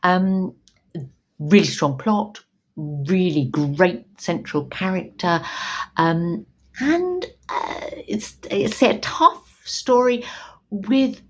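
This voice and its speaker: A woman's voice: lowish voice, a little hiss or hum. A woman reviewing books in a casual, rambling chat, full of ums and restarts. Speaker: book reviewer.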